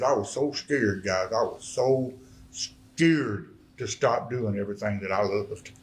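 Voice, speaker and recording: On a rough recording, a low-leaning, unhurried male voice is heard. He's a middle-aged man from Arkansas giving a testimony sermon as a church guest speaker, recounting his life in folksy stories that build to fervent preaching.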